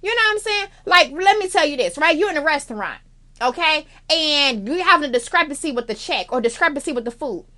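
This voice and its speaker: Sassy, blunt, higher-voiced woman. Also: animated, fairly quick, pushed and bright. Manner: sassy, blunt, swears freely, calls listener girl and baby. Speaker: vlogger giving life advice. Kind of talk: casual advice monologue.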